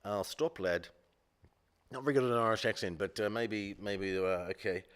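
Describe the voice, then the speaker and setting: Rambling, self-mocking quiz host. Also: male voice, lowish voice, fast, fairly bright tone, clean tone. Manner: rambling, self-deprecating, many fillers. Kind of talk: live-streamed casual quiz hosting.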